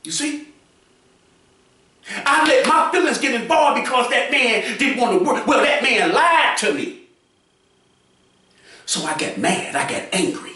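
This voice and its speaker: A man giving preachy advice to other people, repeating his points and often raising his voice to a shout. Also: very high-pitched, very animated, unhurried, long pauses, very echoey, distant mic. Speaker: commentator.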